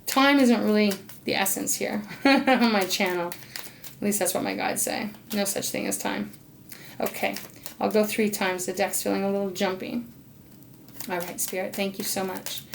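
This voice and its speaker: A bubbly woman reads tarot in a casual, effusive monologue, gushing with excitement and dropping to soft murmurs. Her voice sits at an ordinary middle pitch. A faint hiss runs under the recording. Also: creaky. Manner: talks to spirit, murmurs softly while drawing cards. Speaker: intuitive tarot reader.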